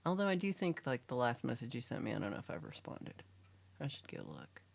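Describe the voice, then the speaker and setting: A woman from Texas hosting a casual livestream chat, reading viewer comments in a chatty, animated way and sometimes dropping to a whisper. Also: a bass voice, fairly quick, vocal fry. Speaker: livestream host.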